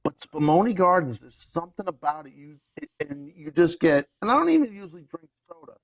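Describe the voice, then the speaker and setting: A middle-aged man tells a story in a casual chat. He acts out what people said, and his voice sits a little high. The sound is dry and close, with no room around it. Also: fairly quick, no room sound, lo-fi sound. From Brooklyn, New York. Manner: animated storyteller, acts out quotes. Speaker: comedian guest. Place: home, remote call.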